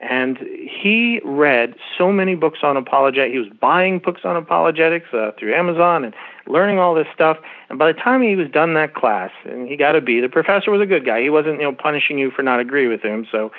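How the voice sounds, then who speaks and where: A man's voice: fairly high pitch, lively intonation, fairly quick. A middle-aged man, a guest calling in, explaining at length in an earnest, preacherly way. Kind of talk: interview guest on a phone line. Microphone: phone. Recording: tinny phone line.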